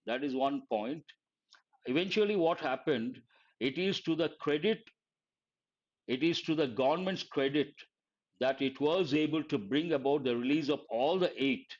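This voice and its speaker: A man teaching grammar in a live online lesson, quizzing his students and repeating key phrases slowly. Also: medium pitch. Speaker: English vocabulary teacher. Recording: dull lo-fi stream audio.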